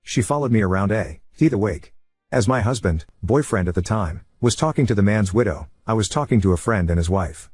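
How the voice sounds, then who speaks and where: A man narrating a first-person story in a measured, even reading style. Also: lowish voice, breathy edge, no room sound. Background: faint background music.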